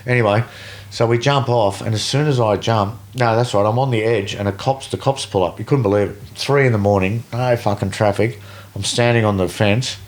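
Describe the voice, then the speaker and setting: A middle-aged man with an Australian accent tells a story as a guest, animated and swearing freely, acting out the other people's voices. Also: lowish voice, brisk. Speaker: guest, veteran BASE jumper. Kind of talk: casual storytelling.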